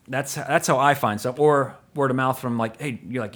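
A man co-hosting a podcast, chatting casually in a rambling, excitable way that jumps between topics. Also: medium pitch, fairly quick, hardly any pauses. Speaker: podcast co-host.

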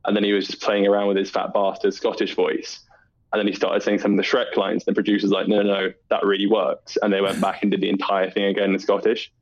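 Man, casual podcast co-host, low voice, dull lo-fi recording. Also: monotone, fast. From southeast England. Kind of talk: casual chat. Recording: slightly dull lo-fi sound.

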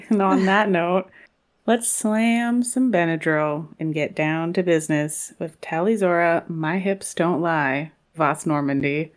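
A woman's voice: on the low side, steady tone, takes it slowly. A woman co-hosting a podcast in casual chat, playful and joking with frequent laughs. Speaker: podcast co-host.

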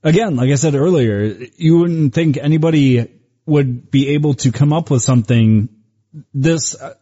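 A man's voice: a little high, normal speed, mellow, slightly rough, lo-fi sound. A man co-hosting a podcast, chatting in an easygoing, joking way and asking his co-host questions. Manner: easygoing, joking, puts on voices. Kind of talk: casual chat.

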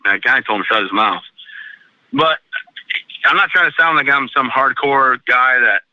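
A man, an Army veteran, calmly recounting a personal story in a remote interview, matter-of-fact and self-deprecating. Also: mid-range voice, moderate pace, no echo, lo-fi sound.

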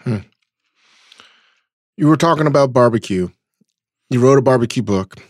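Hosting a podcast interview, a man with an animated mid-range voice talks at a moderate pace in a loose, conversational way, thinking aloud and restarting. The sound is clean studio quality with no echo.

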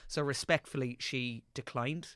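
Bright-voiced young actor telling stories. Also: male voice, medium pitch, moderate pace, clean tone, no room sound, studio quality. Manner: animated anecdotal storytelling with casual swearing. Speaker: actor guest. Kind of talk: casual podcast chat.

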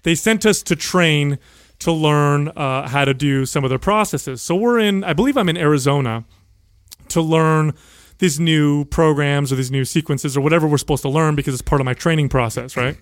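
A man chats casually as he begins a story, with easy asides along the way. His voice sits slightly high for a man, and the mic is close and dry. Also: moderate pace, no room sound.

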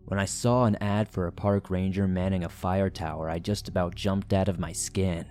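A man reads a first-person horror story with dramatic, suspenseful delivery. His voice sits on the low side. Faint background music runs beneath the narration. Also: fairly even intonation, normal speed, darkish tone.

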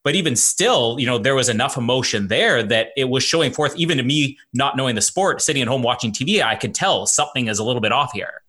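A man's voice: medium pitch, lively intonation, quick pace, hardly any pauses, pushed and bright. A man hosting an interview, reflecting conversationally on the events with a guest. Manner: conversational, reflective, many fillers. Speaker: host.

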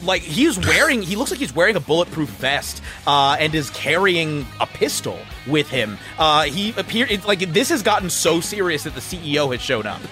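A man's voice: fairly high pitch, sing-song, normal speed, hardly any pauses, pushed and bright, faint music behind. A man narrating a tabletop game as game master, full of fillers and laughter.

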